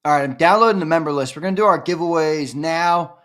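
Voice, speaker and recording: His voice is a bit high and quick. He's a man hosting a casual sports fan live-stream, bantering with the audience and erupting into loud, excited hollers.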